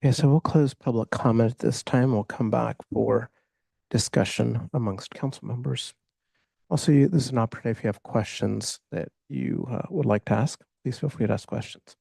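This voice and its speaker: Gravelly man chairing a meeting. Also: medium pitch, mellow, no room sound. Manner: slow, procedural.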